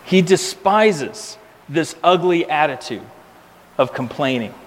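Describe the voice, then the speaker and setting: A man preaching a sermon emphatically, repeating key words and slowing down for effect. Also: a little high, animated, in a large hall, a little hiss or hum. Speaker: pastor.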